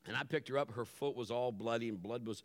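A middle-aged man preaching a sermon as pastor, animated, acting out his family's voices and dropping to a hush for calm moments. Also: mid-range voice, quick pace. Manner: drops to a hushed voice for calm moments.

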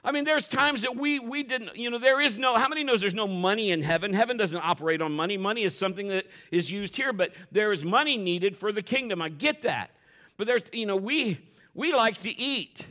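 A middle-aged man preaching from the pulpit with a somewhat high voice. He tells a story with emphasis, at times loud and exclaiming, at times dropping low and hushed. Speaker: pastor. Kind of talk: sermon storytelling.

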